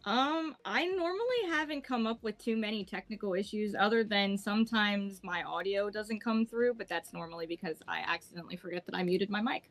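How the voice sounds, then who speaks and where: A woman's voice: mid-range voice, a little fast, few pauses, fairly bright tone. A woman appearing as a guest streamer, answering questions in easygoing casual chat.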